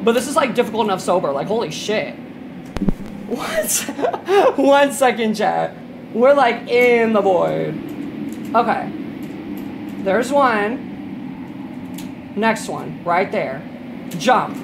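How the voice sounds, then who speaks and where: Lively young woman streamer, tipsy and loud. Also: mid-range voice, slow pace, creaky, pauses often, background noise. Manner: expressive, swearing, shrieks when startled. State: a little tipsy. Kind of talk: casual live-stream gaming chat. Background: game music.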